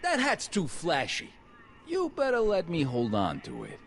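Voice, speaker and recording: An actor playing a brash young gangster boss who barks threats and orders in a video game. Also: male voice, on the high side, huge pitch swings, measured pace, faint music behind, full character voice. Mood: bossy.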